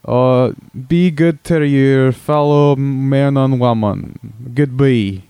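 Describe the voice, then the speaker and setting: A man's voice: mid-range voice, takes it slowly, vocal fry, warm tone, clear, resonant tone, no echo. A blustering, crude Scotsman with a thick put-on Scottish accent, as a man hams it up. He rambles on over a call with a dry, close sound. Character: crude stereotypical Scotsman cousin, gruff. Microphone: phone call.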